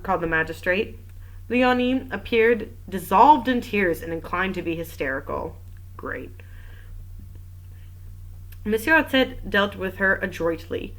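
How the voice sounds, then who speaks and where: Woman reader, mystery chapter aloud, wry chatty asides, animated pitch. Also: a little slow, low-quality recording. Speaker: reader and commentator. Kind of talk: reading a novel aloud with commentary.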